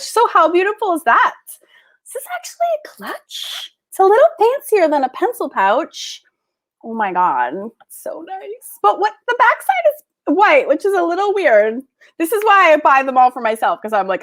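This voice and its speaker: A woman's voice: sits high, a bit bright. A woman hosting a casual livestream, unboxing art books and gushing with gasps and laughs. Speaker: art school host.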